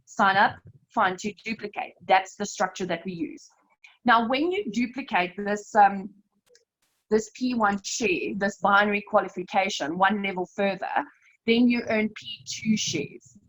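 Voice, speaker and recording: A woman leading a live slide presentation, explaining step by step in a brisk, emphatic way and often calling her listeners "you guys". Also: medium pitch, fairly bright tone, poor audio. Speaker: network marketing team leader presenting a webinar.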